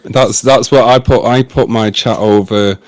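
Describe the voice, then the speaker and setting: A man's voice: on the low side, steady tone, measured pace, no echo. A young man with a Manchester accent, chatting casually and openly as a streamer guest. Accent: Manchester English. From England. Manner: laid-back, open, chatty. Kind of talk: casual chat.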